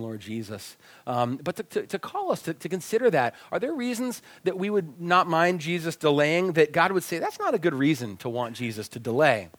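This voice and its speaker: A male pastor preaching a sermon with personal stories, animated and telling them with feeling, sometimes dropping almost to a whisper. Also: on the high side, no echo. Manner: animated, acts out quoted dialogue, drops to near whispers. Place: church sanctuary.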